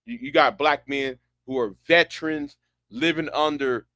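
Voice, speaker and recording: A man's voice: fairly high pitch, unhurried, pushed and bright, no echo. A man delivering a sarcastic, incredulous rant as an online commentator, often repeating himself. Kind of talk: ranting commentary.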